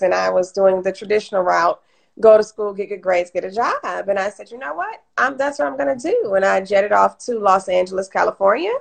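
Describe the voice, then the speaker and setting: This gravelly, medium-pitched voice belongs to a Detroit, Michigan woman appearing as a guest on an interview show. She tells her story casually and with animation, acting out the voices of people she quotes, heard through IG Live stream audio.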